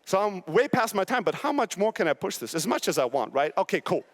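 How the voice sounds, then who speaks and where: Man, 30s, motivational keynote, high pitched, blunt, profane, stage microphone. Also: sing-song, fast. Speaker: keynote speaker. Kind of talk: motivational conference talk. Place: conference stage.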